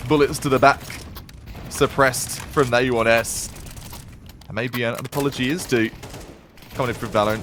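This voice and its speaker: A man calling a competitive shooter match as play-by-play caster, with lively, punchy calls and slang. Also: mid-range voice, moderate pace, slight background noise. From Canada. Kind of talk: esports play-by-play commentary.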